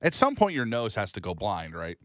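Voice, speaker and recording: A young man co-hosts a casual chat with an animated, joking delivery. His pitch swings widely as he talks, and the sound is dry and close with no room echo. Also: fairly quick. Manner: animated, jokey, with big jumps in pitch. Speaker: co-host.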